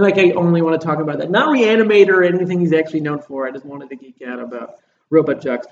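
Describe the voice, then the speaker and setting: A man co-hosting a casual movie podcast, excitable and rambling, laughing often. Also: on the high side, fast talker. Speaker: podcast co-host. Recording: echoey distant lo-fi room mic with faint hiss.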